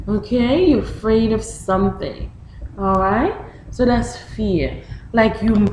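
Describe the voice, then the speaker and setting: A woman with a Haitian accent reading a picture book to young children, explaining each word slowly and patiently in two languages. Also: mid-range voice, sing-song, dark tone, reverberant, slight background noise.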